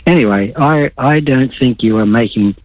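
A man's voice: medium pitch, moderate pace, no echo. An older Australian man calling a talk radio show, rambling and searching for words as he gives blunt opinions. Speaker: caller. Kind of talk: casual talk radio call. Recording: tinny phone line.

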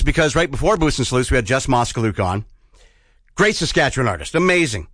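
A man's voice: mid-range voice, fairly bright tone, no echo. A man hosting a morning radio show, talking in a loose, upbeat, rambling way. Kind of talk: casual radio chat.

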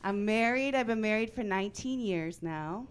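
A woman in her forties performing a stand-up comedy set, with a dry deadpan delivery that breaks into loud bursts of mock outrage. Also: medium pitch, moderate pace. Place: comedy club stage before a live audience.

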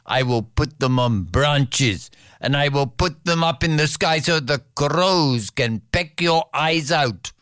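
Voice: mid-range voice, slow, a bit bright, no room sound, clean studio sound. A storyteller voicing a proud, menacing peacock king who speaks in grand threats, in a told folktale. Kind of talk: told folktale, acted dialogue.

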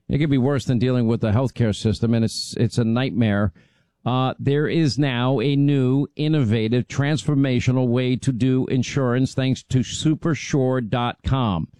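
A man with a dark, mellow tone talks through a sponsor message like it's part of his show. The delivery is loose and chatty, with little fillers and restarts. The sound is dry and close, with no room around it. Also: medium pitch, fairly even intonation, normal speed, no echo. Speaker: host reading a sponsor ad. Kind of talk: conversational live-read ad.

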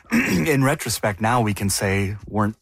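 A man's voice: fairly low pitch, animated, measured pace, gravelly, slightly rough, dry recording, studio quality. A man co-hosting a news discussion, asking questions and explaining in a conversational way.

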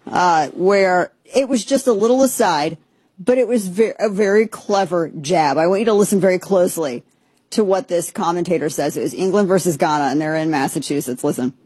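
A woman's voice: lowish voice, brisk, a little mellow, slightly rough, no echo. A woman hosting a podcast, giving chatty, sarcastic, rambling commentary. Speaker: podcast host. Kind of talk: opinionated casual commentary.

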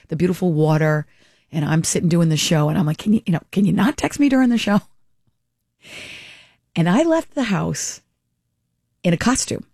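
A woman's voice: low voice, darkish tone, dry recording, studio quality. A woman hosting a radio talk show, telling a rambling story with lots of asides and reading a live ad. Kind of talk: chatty storytelling and live ad read.

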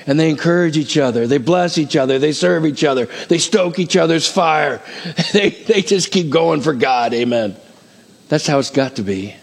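A middle-aged man preaches to his congregation, his voice high for a man. He rattles off numbers fast like an auctioneer, then settles into steady teaching. The sound rings with the long reverb of a church hall. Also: gravelly. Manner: energetic, rapid counting like an auctioneer. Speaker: pastor. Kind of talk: sermon.

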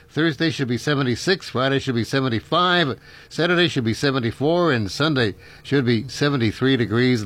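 A man's voice: medium pitch, a bit bright, no room sound. A man, hosting a local radio call-in show in a rambling, folksy way with frequent chuckles. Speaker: radio talk show host.

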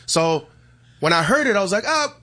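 Friendly male singer, fairly high voice. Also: sing-song, very fast, sharp tone. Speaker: musician guest. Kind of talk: conversational radio interview.

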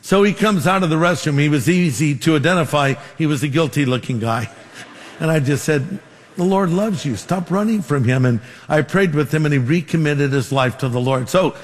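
A man's voice: a little high, normal speed. Male pastor preaching in a reverberant hall. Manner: storytelling with quoted dialogue, numbered points. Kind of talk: sermon.

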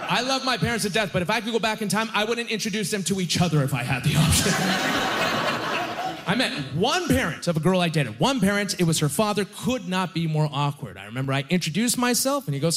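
A man's voice: high-pitched, sing-song, brisk, fairly bright tone. A man doing a stand-up set, telling punchy, self-deprecating stories. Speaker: stand-up comedian.

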